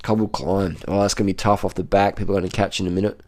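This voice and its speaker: A man's voice: deep voice, little pitch movement, racing, a little mellow. A man giving casual running commentary on race footage as a cycling vlogger, blunt and profane, repeating short phrases.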